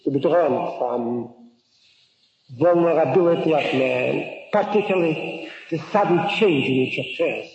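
A man with a high voice delivers a scholarly lecture, stopping, restarting and repeating phrases as he puts questions to his listeners. The sound is dull and lo-fi, with a long echo from a big hall. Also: darkish tone. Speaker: Talmud lecturer. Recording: dull, echoey old hall recording.

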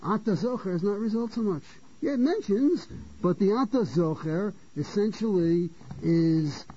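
Captured on a dull lo-fi recording, a man whose voice sits on the high side, mellow and slightly rough, teaches a Torah lecture. He keeps stopping to repeat and restart phrases, and he asks questions only to answer them himself.

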